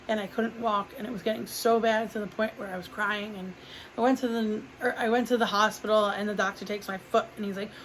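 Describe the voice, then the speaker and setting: A woman's voice: mid-range voice, a little hiss or hum, poor audio. A woman vlogger telling a long personal story in a casual, rambling way, filling her talk with "like" and acting out what others said. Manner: rambling, heavy use of "like", acts out quoted dialogue. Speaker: vlogger reviewing a product.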